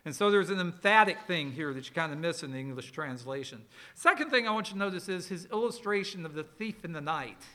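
A middle-aged male pastor preaching a sermon, explaining scripture with emphatic rises, soft asides and personal stories. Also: on the high side, expressive, brisk. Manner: expository preaching with Greek word study and personal stories.

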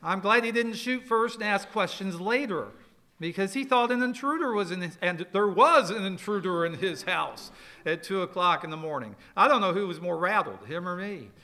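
A middle-aged male pastor preaching a sermon, explaining scripture with emphatic rises, soft asides and personal stories. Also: high-pitched, lively intonation, normal speed. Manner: expository preaching with Greek word study and personal stories.

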